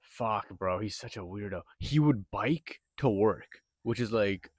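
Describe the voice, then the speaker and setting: A young man with a lowish voice delivers a rambling, profane monologue, tripping over filler words and restarts. The sound is dry and close, with no room echo. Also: a little slow. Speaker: podcaster. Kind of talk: casual monologue.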